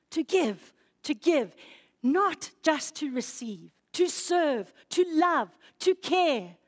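A woman preaching a sermon in church, emotional, swinging from loud, stirring lines to hushed, quiet ones. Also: sits high. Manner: emotional, rises loud then drops to hushed.

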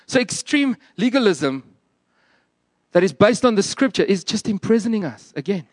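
An earnest male pastor preaching with strong emphasis and a lively, swooping delivery. His voice is fairly high, and the recording is close and dry. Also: normal speed, no room sound. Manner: earnest, emphatic, plain-spoken. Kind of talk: sermon.

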